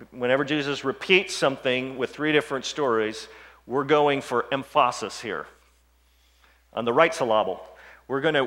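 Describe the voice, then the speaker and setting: A male pastor preaching a sermon, dropping to hushed, low passages and rising to loud, emphatic scripture reading. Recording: long hall reverb.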